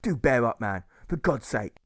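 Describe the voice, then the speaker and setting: A man's voice: medium pitch, lively intonation, moderate pace, slightly rough, no echo, clean studio sound, voice pushed down. A man voicing an angry, blustering working-class labourer who hurls names at a speaker. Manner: blustering name-calling.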